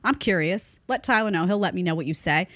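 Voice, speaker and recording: A woman in her thirties hosting a casual commentary show, chatty and animated, laughing often. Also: lowish voice, fast, dry recording, clean studio sound. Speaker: host.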